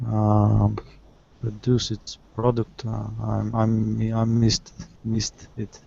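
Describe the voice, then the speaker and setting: A man in an English class gropes for words, halting on fillers between each phrase. His voice is dark and gravelly, flat and slow. The audio is dull, like a video call. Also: on the low side, slight background noise. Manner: halting, many filler sounds. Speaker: English learner. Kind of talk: hesitant classroom answers.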